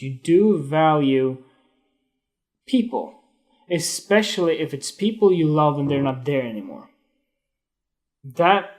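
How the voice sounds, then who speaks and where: A man's voice: on the high side, darkish tone. Rambling, blunt young man talking photography. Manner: rambling, blunt and swearing freely. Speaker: photography podcast host. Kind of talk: casual solo talk on a live stream.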